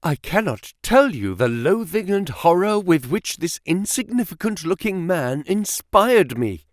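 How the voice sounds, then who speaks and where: A man's voice: high-pitched, very animated, measured pace, no echo, studio quality. A man narrating an audiobook, telling the story with expression. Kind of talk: scripted narration.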